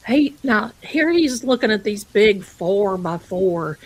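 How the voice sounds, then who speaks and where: A woman's voice: medium pitch, lively intonation, slow pace, slightly rough, low-quality recording. A woman hosting a live stream, telling ghost stories in a chatty way and calling her viewers "my darling.". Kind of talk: casual live-stream storytelling.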